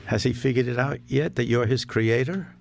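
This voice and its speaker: A man's voice: medium pitch, moderate pace, gravelly, slight background noise. An older male actor giving chatty, amused commentary on a film. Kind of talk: audio commentary. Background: film soundtrack music.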